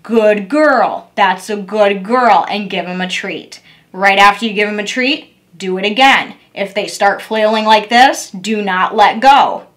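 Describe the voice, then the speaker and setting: A woman's voice: mid-range voice, unhurried, a bit bright. A young woman, a dog groomer, giving a patient step-by-step demo on handling a puppy. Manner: patient, repetitive coaching tone. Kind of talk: instructional demo.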